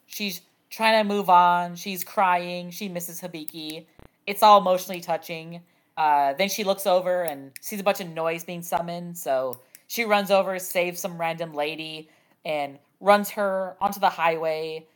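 A woman co-hosting a laid-back anime podcast. She talks in a lively, exasperated way as she recaps scenes, laughing often and scattering fillers through her sentences. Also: fairly low pitch. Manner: animated, laughs often, uses many fillers like "like". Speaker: podcast co-host. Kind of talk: casual anime discussion podcast.

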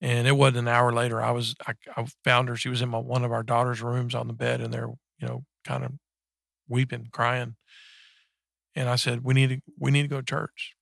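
Gravelly guy in his 40s telling his faith story, earnest, lots of restarts, dry sound. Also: medium pitch, monotone, a bit bright, dry recording. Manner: halting, earnest, many restarts and fillers. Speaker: guest sharing a faith story. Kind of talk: personal testimony in casual chat.

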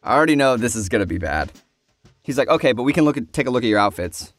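Man telling a story, animated. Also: mid-range voice, quick pace, dry recording, faint music behind. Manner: animated, acts out other people's lines. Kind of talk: casual storytelling.

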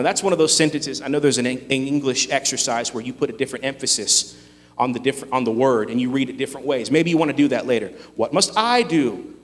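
A man preaching a sermon, earnest and emphatic, with dramatic pauses. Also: medium pitch, fairly bright tone, in a large hall. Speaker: pastor.

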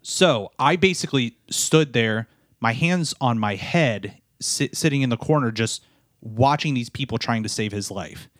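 Tired new dad on a podcast, mid-pitched, halting and repetitive, dry close sound. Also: male voice, a bit bright, no room sound. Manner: halting, repeats words and restarts often. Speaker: podcast co-host, new father. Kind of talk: emotional personal storytelling.

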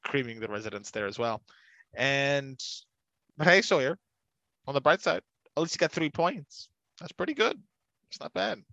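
A man's voice: a little high, moderate pace, gravelly, pauses often, bright, forceful tone, no room sound, highs cut off. A young man co-hosting a casual podcast, recapping a TV episode in a chatty, rambling way with frequent laughs. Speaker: podcast co-host recapping a TV show. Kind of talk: casual chat.

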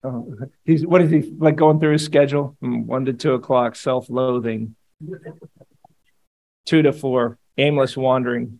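A man preaching a sermon in a relaxed, conversational way. His voice sits at an ordinary middle pitch, and he moves between quiet earnest stretches and lively, joking asides aimed at his listeners. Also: moderate pace, poor audio. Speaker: pastor.

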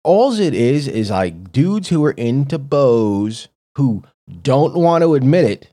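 A man's voice: medium pitch, takes it slowly, no echo, studio quality. A man co-hosting a casual podcast chat, blunt and profane, telling stories with lots of energy. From lived in New York City. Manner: blunt, profane, animated storytelling. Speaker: podcast co-host.

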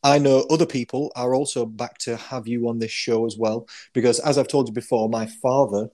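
Yorkshire man hosting a casual podcast chat; upbeat, chatty, quick to laugh. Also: medium pitch, fairly even intonation, dark tone. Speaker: podcast host.

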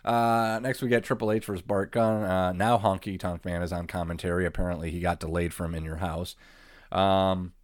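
Man, very low voice, rambling casual recap, swears easily, dry close sound. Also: steady tone, moderate pace, dry recording. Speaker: podcast co-host.

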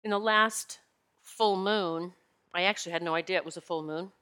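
Woman host, bright and candid, spiritual storyteller, animated and emotional. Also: on the low side, normal speed, clean tone. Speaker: podcast host and retreat leader. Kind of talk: personal spiritual talk to listeners. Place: Pennsylvania home.

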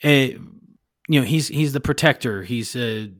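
A man's voice: medium pitch, normal speed, fairly bright tone, dry recording, clean studio sound. A man hosting a podcast, paraphrasing a Bible story in a rambling way and searching for words. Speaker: podcast host. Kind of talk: casual Bible discussion.

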